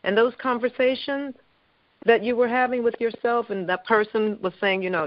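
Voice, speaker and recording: A man's voice: extremely high pitch, fairly even intonation, moderate pace, dull audio. A man from Philadelphia hosting an interview, affirming his guest and repeating phrases for emphasis. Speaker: interview host. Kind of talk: encouraging interview talk.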